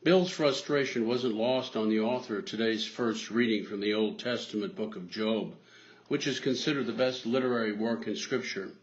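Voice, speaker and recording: A male priest delivering a sermon in a measured storytelling manner, on a dull lo-fi recording. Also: fairly low pitch.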